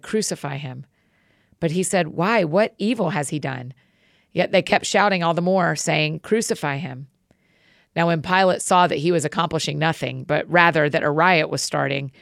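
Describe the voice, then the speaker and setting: A woman reads scripture aloud at a measured, steady pace. Her voice sits low and carries a gravelly rasp. The recording is dry and close, with no room sound. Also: no room sound. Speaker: Bible reader. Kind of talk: scripture reading.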